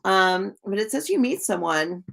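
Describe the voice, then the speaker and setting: A woman giving live-stream tarot readings in a chatty, gushing way, full of likes and ums and quick laughs. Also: medium pitch, expressive, vocal fry. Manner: chatty, warm to viewers, laughs often. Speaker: tarot reader.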